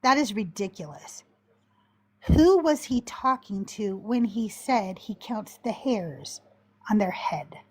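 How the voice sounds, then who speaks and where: A woman hosting a podcast debate on a call, animated and quick to interrupt, swearing when heated. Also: mid-range voice, slightly rough. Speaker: podcast host.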